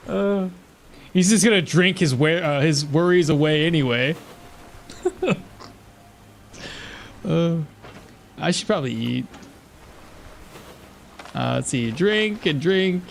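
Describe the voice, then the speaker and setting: A man's voice: on the high side, expressive, slow pace, gravelly, pauses often, slight background noise. A man streaming a game and chatting casually, joking and laughing often between rambling asides. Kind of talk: casual live gameplay commentary.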